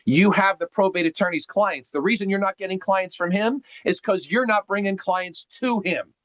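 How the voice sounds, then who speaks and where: A man coaching on a video call in an emphatic, teacherly way, his voice sitting a little high. The sound is dry and close, with no room behind it. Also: moderate pace, fairly bright tone, dry recording. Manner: emphatic, teacherly, uses rhetorical questions.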